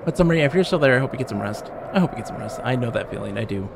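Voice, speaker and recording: A man with a mid-range, creaky voice talks rapid-fire and animatedly, with background noise around him. During a live game stream he rambles, jokes, and addresses the on-screen characters directly.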